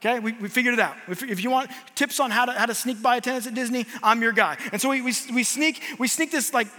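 A man preaches with a high, bright voice and tells a story on himself with lively, self-mocking humor. His words ring with a long echo through a large church hall. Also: quick pace. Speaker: guest preacher. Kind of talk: sermon.

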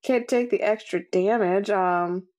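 A woman's voice: mid-range voice, a little mellow. A woman playing in a tabletop game, playful and a bit hesitant. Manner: playful, hesitant, drawn-out talk. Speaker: player. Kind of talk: casual tabletop game play.

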